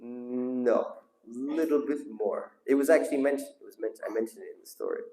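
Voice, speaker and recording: A sheikh with a mid-range, dark voice teaches briskly in a mosque hall with an echoey sound. Through a storytelling religious lesson, he questions his audience and calls on listeners.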